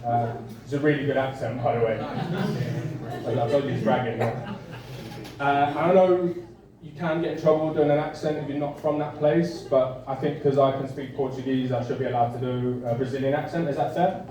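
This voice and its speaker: A man's voice: medium pitch, crowd noise. Self-deprecating young man doing stand-up. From England. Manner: dry, self-deprecating, halting delivery with many fillers. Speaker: stand-up comedian. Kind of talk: stand-up set. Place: comedy club bar with a live audience. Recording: roomy club sound from a distant mic. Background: audience laughter.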